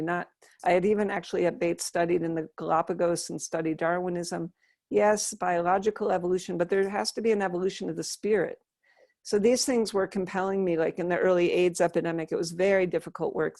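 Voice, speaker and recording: A middle-aged American Buddhist nun recounts her life story in an interview, earnest and soft-spoken, often restarting sentences. Her voice is on the low side, and the recording is dry with studio quality.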